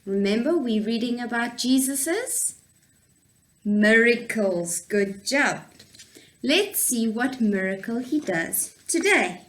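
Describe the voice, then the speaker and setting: A woman teacher reading a Bible story and a prayer to young children, in a warm, encouraging, clear way. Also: a little high, sing-song, slow, rough recording.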